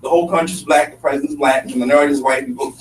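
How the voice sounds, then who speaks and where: A man's voice: mid-range voice, fairly even intonation, racing. A man with a French accent talks as an interview guest, his voice coming from a distance in a roomy space over a faint hum. He speaks with passion and emphasis and keeps circling back to repeat his points. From Congo. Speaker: guest activist. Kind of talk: earnest conversational interview.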